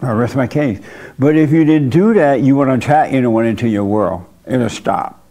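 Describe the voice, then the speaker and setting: A man's voice: medium pitch, moderate pace, dark tone. Blunt, folksy male pastor. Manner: blunt, conversational, folksy asides. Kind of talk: informal church talk with congregation.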